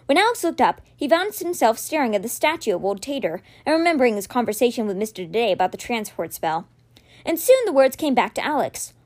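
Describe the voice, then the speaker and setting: A woman reading a children's fantasy novel aloud for a podcast, with expressive, dramatic storytelling. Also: on the high side, fast talker. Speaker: podcast reader.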